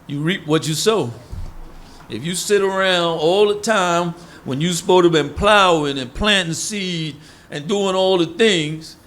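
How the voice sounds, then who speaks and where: Informal preacher, fairly high voice. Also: male voice, a little slow, a bit bright. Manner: informal, conversational, acts out quoted voices. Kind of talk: sermon teaching.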